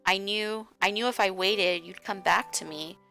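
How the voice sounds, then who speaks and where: A woman's voice: medium pitch, steady tone, moderate pace, gravelly, sharp tone, soft background music. A woman voicing an obsessive, tearful young woman who clings to the one she loves and pleads with him.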